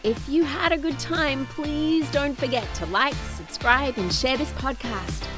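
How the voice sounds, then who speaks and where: Woman host reading a friendly podcast outro, slightly high voice, loud music behind. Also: a little slow. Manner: friendly, clear, read from a script. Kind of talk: scripted outro. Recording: voice over loud background music.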